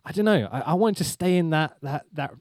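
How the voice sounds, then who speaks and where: Young guy laughing thru his stories, swears a lot, super lively voice. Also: on the high side, brisk, no echo. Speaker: podcast guest. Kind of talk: casual chat.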